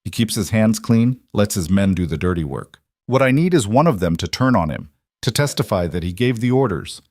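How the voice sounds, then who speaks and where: A stern frontier marshal voiced by a man lays out his plans in a firm, level tone. The voice sits low and dry, with a close, deadened sound. It is an audiobook western read with steady resolve. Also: no echo. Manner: firm, measured, matter-of-fact.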